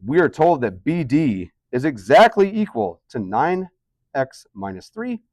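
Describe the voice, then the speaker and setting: A man's voice: a little high, very animated, unhurried, a little mellow, no echo. A man teaching a math class, chatty and full of questions to his students. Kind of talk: classroom lesson.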